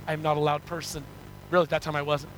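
Man, pastor, sermon, lively storytelling, light background hiss. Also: on the high side, fast talker, low-quality recording. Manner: storytelling with rising excitement and repeated starts.

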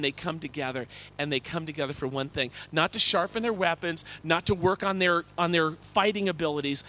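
A man's voice: fairly high pitch, pushed and bright. A man preaching a sermon as a pastor, earnest and conversational, often repeating words and asking "okay?".

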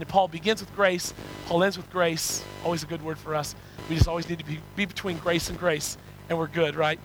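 A middle-aged male pastor preaching a sermon, telling a story with rising excitement, then praying. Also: a little high, fairly quick, a little hiss or hum, low-quality recording.

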